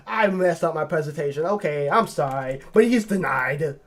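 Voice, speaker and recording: A man hosting a video, ranking characters in a lively, profane, joking rant. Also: fairly high pitch, normal speed, few pauses. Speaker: video host. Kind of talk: casual ranking commentary.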